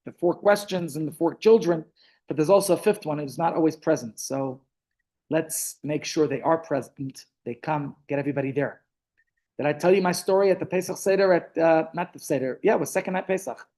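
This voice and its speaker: A man, a rabbi telling stories in a relaxed class held over a video call, often stopping to restart his sentences. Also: fairly high pitch. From South Africa. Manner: chatty storytelling, frequent restarts. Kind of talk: online Torah class.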